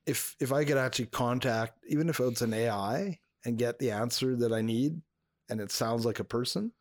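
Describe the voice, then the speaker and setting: A man's voice: medium pitch, normal speed, no echo, clean studio sound. A man co-hosting a podcast in casual chat, talking freely, laughing often and acting out quoted voices. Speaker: podcast co-host.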